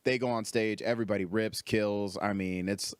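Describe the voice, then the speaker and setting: Low-voiced man telling a wild story. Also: moderate pace, clean tone, dry recording, studio quality. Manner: animated, swearing, jumps up in pitch when quoting others. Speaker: comedian guest. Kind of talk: casual storytelling.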